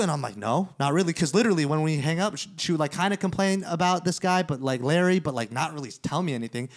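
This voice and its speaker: A man hosting a podcast, telling a story in casual chat, animated and profane, acting out the lines of the people in it. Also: fairly high pitch, quick pace, hardly any pauses. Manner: animated, profane, acts out quoted dialogue. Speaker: podcast host.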